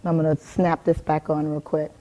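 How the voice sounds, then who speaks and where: A woman in her forties telling a personal story in a lively keynote talk, calling out to audience members by name. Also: deep voice, normal speed. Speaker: motivational speaker.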